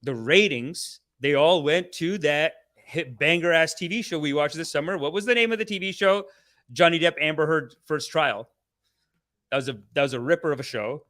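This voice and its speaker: Dude with a bright slightly high voice, sweary rambling stream host, laughs a lot. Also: male voice, moderate pace. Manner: profane, rambling, excitable; laughs often mid-sentence. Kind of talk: casual live-stream rant.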